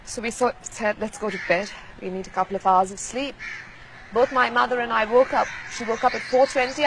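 A young woman in her twenties, recalling painful events in a quiet, measured way during a recorded news interview. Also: fairly high pitch, slight background noise, rough recording. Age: 20s. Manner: quiet, measured, grieving recollection.

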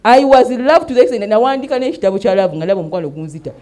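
A woman's voice: medium pitch, rapid-fire, darkish tone. A middle-aged woman with a Ugandan accent hosts a talk show, speaking emphatically and often asking "eh?" as she switches between English and Luganda. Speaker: host and mentor. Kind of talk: animated talk show monologue.

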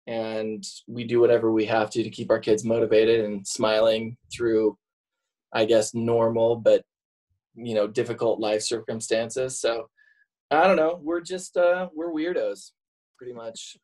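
A man in his forties talks as a podcast guest in easy, casual conversation. He tells stories about himself with a joking, self-mocking manner and a medium-pitched voice. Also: fairly even intonation, measured pace, darkish tone, poor audio. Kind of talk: casual interview chat.

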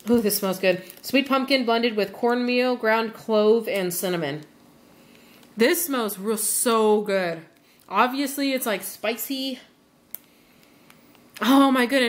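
A woman's voice: mid-range voice, a bit bright. A woman chatting casually at home in a haul vlog, rambling with lots of fillers as she sniffs and reviews wax melts, with a faint hiss behind her.

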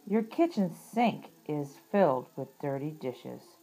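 A woman voicing a patient, sensible male frog in a children's storybook read-aloud, calm and gently reasoning. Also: low voice, takes it slowly, exaggerated voice, rough recording.

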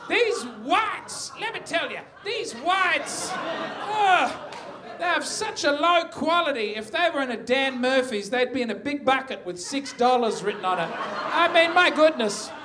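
A man's voice: very high voice, expressive, takes it slowly, a crowd in the background, pitched above the performer's own voice, full character voice. A comedian putting on a prissy, snooty man who drawls with exaggerated disdain, on a noisy live recording. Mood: disdainful.

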